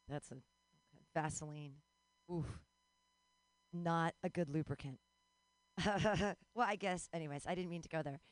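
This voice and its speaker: A woman in her forties performs a wandering stand-up set full of self-deprecation, with sudden high yelps and bursts of laughter, captured with no room sound.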